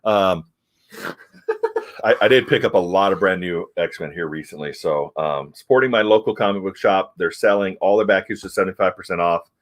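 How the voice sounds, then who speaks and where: A middle-aged U.S. man with a low voice talks about comics at a moderate pace as a comic review host. His casual chat is rambling and hesitant but candid.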